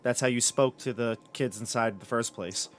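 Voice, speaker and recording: A man's voice: mid-range voice, brisk, faint music behind. A man running a tabletop game as dungeon master, describing rooms and reading descriptions aloud.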